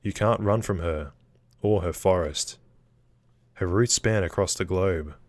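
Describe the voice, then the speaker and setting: A man reading a horror visual novel aloud, breaking off for excited reactions. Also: deep voice, a little slow, no echo. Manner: reads game text, breaks off with excited reactions. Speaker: gaming video creator.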